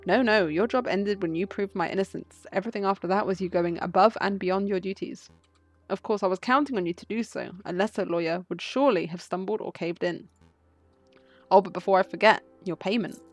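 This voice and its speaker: A woman reading the lines of a courteous, scheming male fox gentleman from a game, in polished formal speech. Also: mid-range voice, brisk, no room sound, soft background music, lightly acted. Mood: polite.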